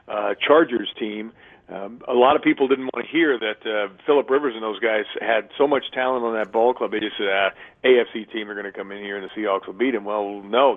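Man, phone-in guest, tinny phone line, middle pitch, chatty, many restarts. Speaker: radio play-by-play announcer, guest. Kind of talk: phone-in radio interview. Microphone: telephone.

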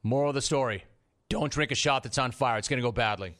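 He's a radio sports talk host in his forties, talking fast in a mid-range, slightly bright voice. His animated monologue is full of brash stories, with his friends' voices acted out.

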